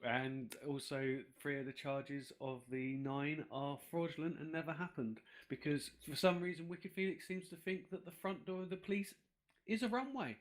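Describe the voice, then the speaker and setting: A man's voice: on the high side, fairly even intonation, moderate pace. A man, the server's creator, chatting casually in a dry, matter-of-fact way. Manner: dry, matter-of-fact, then blunt insults. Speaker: creator of the role-play server. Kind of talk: casual chat.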